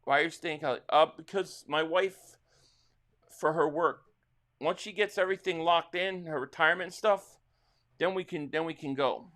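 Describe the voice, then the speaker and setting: A middle-aged man with a New Jersey accent hosts a casual live-stream reacting to a football game. In a slightly high voice at normal speed, he rambles while reading and chatting with viewers, then bursts into excited calls of the plays as they happen.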